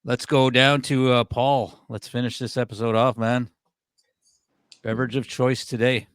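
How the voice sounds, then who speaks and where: A man hosting a comedy podcast who teases the others and keeps the segments moving. His voice sits at an ordinary middle pitch. It is recorded close and dry. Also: little pitch movement, moderate pace, clear, resonant tone, no echo. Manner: teasing, leads the segments. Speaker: podcast host. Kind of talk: casual chat.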